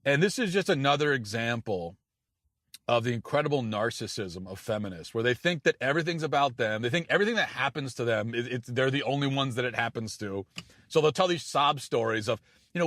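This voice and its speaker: A man's voice: medium pitch, expressive, a little fast, a bit bright, no echo. Sarcastic man ranting, dry mic. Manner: sarcastic, incredulous, stammering restarts. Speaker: political commentator. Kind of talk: opinion monologue.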